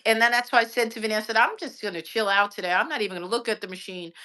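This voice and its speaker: A woman's voice: fairly high pitch, steady tone, very fast, bright, forceful tone. A woman with a New York accent, chatting casually and at length on a livestream. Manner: rambling, talkative. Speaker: livestream guest. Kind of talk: casual live chat.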